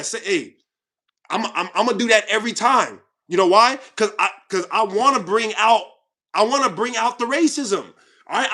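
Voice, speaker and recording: Heated ranting host, man, high bright voice, confrontational. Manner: heated, confrontational, repetitive, swings loud and quiet. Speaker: channel host. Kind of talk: ranting commentary to viewers.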